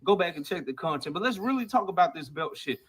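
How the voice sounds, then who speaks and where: A man's voice: sits high, lively intonation, fast talker, fairly bright tone, husky, low-quality recording. A man talking boxing on his own channel, brash and trash-talking, played as a clip. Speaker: boxing commentator in clips.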